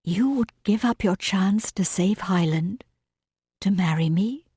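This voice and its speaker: A woman voicing a gentle, devout young governess in an audiobook reading, speaking softly. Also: medium pitch, a little slow, breathy edge, dry recording, clean studio sound. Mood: surprised. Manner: soft, wondering, tender. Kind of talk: audiobook narration.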